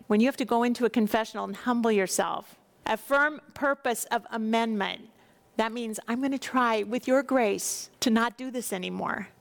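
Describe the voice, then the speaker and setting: A woman's voice: on the high side, creaky. A woman reading scripture aloud and explaining it in an earnest, devotional way, asking her listeners questions. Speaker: Bible teacher. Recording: long hall reverb.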